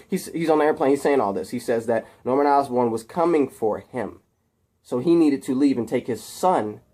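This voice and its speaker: A man's voice: medium pitch, a little mellow. A man casually recapping a film scene, rambling through the story and getting more worked up as the action builds. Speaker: video host retelling a film.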